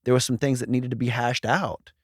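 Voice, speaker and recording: A man's voice: medium pitch, steady tone, brisk, breathy edge, dry recording, clean studio sound. A man talking as a podcast guest, candid and earnest, with frequent restarts and casual swearing. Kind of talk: casual chat.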